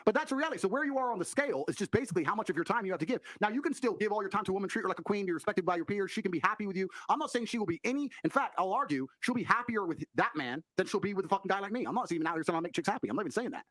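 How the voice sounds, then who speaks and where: A man's voice: sits high, animated, racing, few pauses, fairly bright tone, dry recording. A man giving brash, profane opinions as a podcast guest. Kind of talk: blunt opinion talk.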